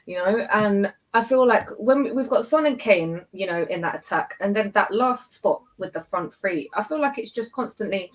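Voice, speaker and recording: A woman's voice: medium pitch, expressive, normal speed, hardly any pauses, poor audio. A woman hosting a casual football chat on a stream, talking in a chatty way with many fillers. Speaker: host.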